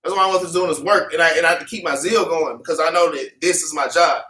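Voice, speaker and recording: Fervent, bright-voiced man preaching in an echoey room. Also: fairly high pitch, fast talker. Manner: fervent, repetitive, streetwise slang. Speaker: Bible class teacher. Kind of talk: casual preaching with read-back. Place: meeting room with congregation. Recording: echoey room, mic at a distance.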